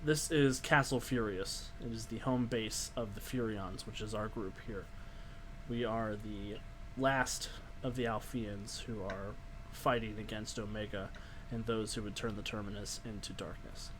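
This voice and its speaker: A man's voice: fairly low pitch, steady tone, unhurried, fairly bright tone, slight background noise, poor audio. Freedom Bird, a man doing an earnest rebel leader.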